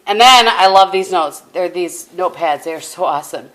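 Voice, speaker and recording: A woman's voice: on the low side, moderate pace, a bit bright. A middle-aged woman vlogging at home, chatting casually to camera in a rambling way with many restarts. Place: at home indoors. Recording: echoey room with faint background hum.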